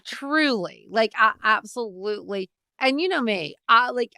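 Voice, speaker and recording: Bright, clear-voiced woman host. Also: fairly high pitch, expressive, measured pace, dry recording, clean studio sound. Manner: effusive, gushing praise. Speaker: podcast host. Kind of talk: casual chat.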